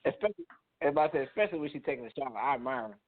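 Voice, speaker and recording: A man's voice: mid-range voice, big pitch swings, very fast, no room sound. Earnest preachy man on a phone line. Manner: earnest, preachy, faith-driven. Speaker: married guest. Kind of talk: casual chat. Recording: dry, tinny phone-line sound.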